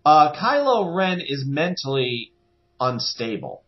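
A man co-hosting a podcast in casual chat, animated and acting out quotes in different voices. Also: a little high, takes it slowly, muffled recording. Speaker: podcast co-host.

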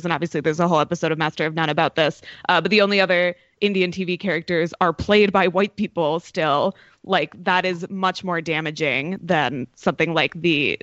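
A woman's voice: fairly low pitch, fairly bright tone, no room sound, lo-fi sound. A woman in a casual podcast discussion, thinking aloud with many filler words and restarts. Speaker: podcast panelist.

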